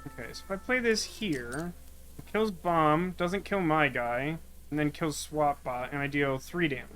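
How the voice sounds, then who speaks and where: Bright-voiced man muttering through a game. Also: a little high, measured pace. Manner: thinks aloud, mutters to himself. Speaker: streamer. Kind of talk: casual gameplay commentary.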